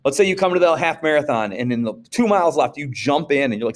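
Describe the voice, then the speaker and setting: A social studies teacher gives a casual classroom lecture in an animated, playful manner. He keeps jumping into quick acted-out voices, with big pitch jumps for the people he quotes.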